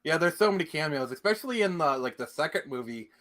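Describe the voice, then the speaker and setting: A man's voice: fairly high pitch, expressive, quick pace, fairly bright tone. A young man co-hosting a casual movie podcast, chatty and full of trivia, laughing easily. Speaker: podcast co-host. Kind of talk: casual movie review chat.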